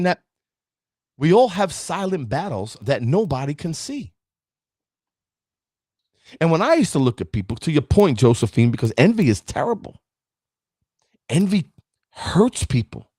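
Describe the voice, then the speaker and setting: A man's voice: a little high, big pitch swings, moderate pace, pauses often, mellow, breathy edge, no room sound, studio quality. A man giving a live-streamed motivational talk, emphatic and preachy, often asking "right?" and greeting viewers by name. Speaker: motivational speaker.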